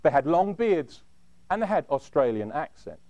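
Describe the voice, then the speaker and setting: A man recounts a dramatic first-person story in a high voice that swoops widely. His delivery is measured, and each phrase falls away low and quiet. The sound is close and dry, with no room echo. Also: sing-song, highs cut off.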